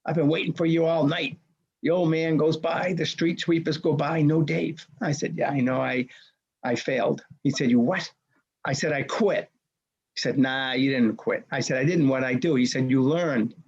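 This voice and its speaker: Older guy in his 60s telling a story, husky voice, kinda muffled lo-fi sound, acts out all the back-and-forth. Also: mid-range voice, moderate pace. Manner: punchy, animated retelling with quoted dialogue. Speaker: race director, guest. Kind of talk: dramatic personal storytelling.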